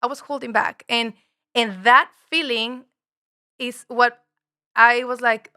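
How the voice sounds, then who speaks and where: A woman speaks in a bright, lively tone, sitting a little higher than most women. She talks earnestly and reflectively as a podcast guest, circling back over her own phrases. The sound is close and dry. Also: slow pace, clean tone, dry recording. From Mexico. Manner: reflective, earnest, repeats phrases, swears casually. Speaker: podcast guest, spiritual guide. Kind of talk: casual conversation.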